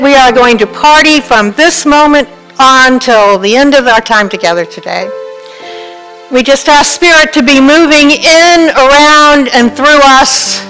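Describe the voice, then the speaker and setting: High, bright-voiced woman minister. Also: low-quality recording. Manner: warm, laughing storyteller, then soft and calm in prayer. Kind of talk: sermon joke and guided prayer. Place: church sanctuary.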